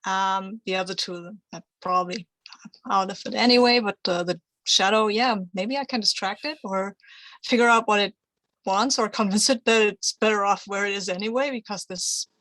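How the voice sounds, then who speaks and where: A woman at a tabletop game, talking her plans through in a rambling, self-reassuring way. Her voice is bright and close, in a dry, dead room. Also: mid-range voice, normal speed, no room sound, rough recording. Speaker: player. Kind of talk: casual tabletop play.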